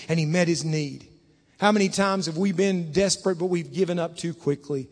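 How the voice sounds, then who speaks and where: Male preacher, high-pitched, fervent sermon delivery, big hall echo. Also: a little fast. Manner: fervent preaching that swings from hushed to loud. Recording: long hall reverb.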